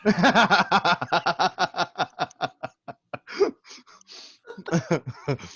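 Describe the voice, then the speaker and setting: A laid-back man co-hosting a podcast who talks slowly, with lots of pitch movement, and often laughs at his own jokes. The recording sounds dull and dry. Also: animated, bright, forceful tone, husky. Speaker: podcast co-host. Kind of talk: casual chat.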